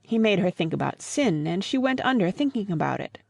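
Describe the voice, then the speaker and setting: A woman's voice: mid-range voice, sing-song, fairly quick, vocal fry, darkish tone, no room sound. A woman reading the part of a grieving old father in an audiobook, earnest and pleading.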